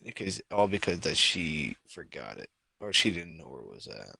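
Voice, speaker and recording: A man's voice: rumbling low, very animated, moderate pace, creaky, sharp tone, breathy edge. A man co-hosting a podcast, telling stories in casual chat with lots of fillers and restarts. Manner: rambling storyteller, many filler words. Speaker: podcast co-host.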